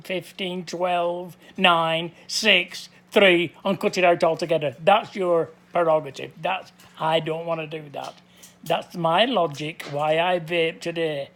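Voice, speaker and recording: Older man, slightly high voice, blunt, repetitive, casual vlog talk. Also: a bit bright. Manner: blunt, plain-spoken, repeats his points. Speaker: vlogger. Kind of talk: casual monologue to camera.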